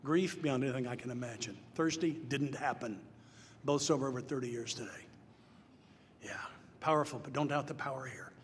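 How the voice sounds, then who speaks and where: An older man from Nashville delivers his recovery testimony briskly to a gathered audience in a large hall, his mid-range voice earnest and plain-spoken, swelling into loud emphatic lines. Long reverb and faint noise come from the live room.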